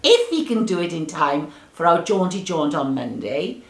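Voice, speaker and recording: A woman's voice: lowish voice, sing-song, moderate pace, husky. A woman talking casually in a travel vlog, chatty and exclamatory, laughing often. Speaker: vlogger.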